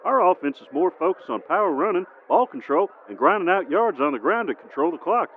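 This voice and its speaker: A man doing a nerdy, pedantic football analyst who rattles off tactics in precise detail, his fairly high voice rising and falling in lively swings. It is heard through a tinny, phone-like line with faint hiss. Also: fairly quick. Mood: lecturing. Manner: precise, lecturing, even-toned. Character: know-it-all male football nerd, pedantic.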